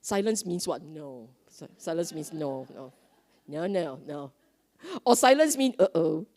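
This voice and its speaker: A woman's voice: sits low, a little slow. A woman giving a conversational dharma talk at a Buddhist retreat, often asking her listeners questions. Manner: lively, conversational, asks the audience questions.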